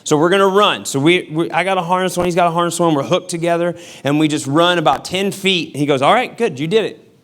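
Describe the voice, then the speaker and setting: Male pastor, sermon, casual humor, storytelling, slightly high voice. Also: quick pace, few pauses, fairly bright tone.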